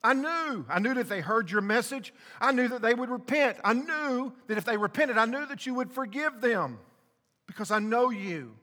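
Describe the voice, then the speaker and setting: A man's voice: extremely high pitch, expressive, moderate pace, bright, forceful tone, big-room sound, pitched above the performer's own voice, full character voice. A male preacher voicing an indignant prophet who complains to God, whiny and exasperated.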